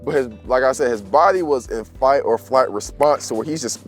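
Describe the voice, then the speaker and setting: A man's voice: medium pitch, fairly quick, soft background music. A young man telling a story in casual, slangy chat and laughing as he goes.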